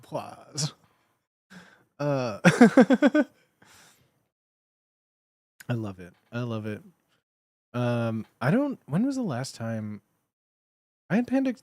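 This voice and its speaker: A man's voice: mid-range voice, huge pitch swings, takes it slowly, pauses often, darkish tone, dry recording. A young man streaming, chatting casually and rambling, with lots of fillers and restarts. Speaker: live streamer reading chat. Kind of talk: casual chat.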